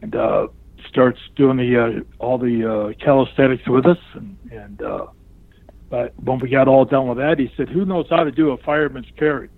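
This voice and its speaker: A man's voice: mid-range voice, normal speed, vocal fry, no room sound. An older man, a retired pro wrestler, telling a long anecdote in an interview and acting out what other people said in a raised voice. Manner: animated storyteller who acts out other people's lines in raised voices. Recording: tinny phone-line sound.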